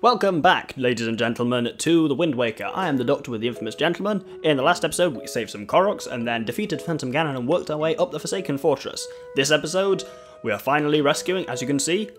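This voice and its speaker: Jokey let's play host. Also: male voice, mid-range voice. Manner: jokey, wry, laughs often. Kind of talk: gameplay commentary.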